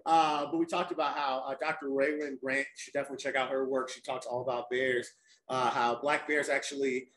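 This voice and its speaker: A man's voice: mid-range voice, little pitch movement, brisk, fairly bright tone, poor audio. Passionate, enthusiastic man guest. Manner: enthusiastic and passionate, repeats for emphasis. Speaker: guest, leads youth hiking groups. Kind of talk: casual panel conversation.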